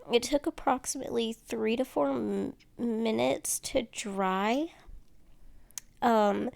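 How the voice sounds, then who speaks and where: A woman's voice: on the high side, creaky, a little mellow, no echo. A woman chatting casually through a nail tutorial, rambling and tired, with many fillers and restarts. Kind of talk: casual tutorial chat while doing nails.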